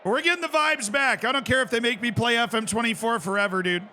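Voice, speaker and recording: Man, streamer, high bright voice, chatty game commentary, faint noise behind. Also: fast talker. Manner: chatty, reacts loudly to the game. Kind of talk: casual gameplay commentary.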